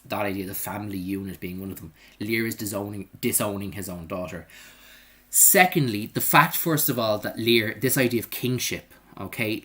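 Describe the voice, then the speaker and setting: Lively male teacher, low voice. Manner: lively, conversational, keeps checking in with "okay?". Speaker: English teacher. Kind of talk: live online exam revision lesson.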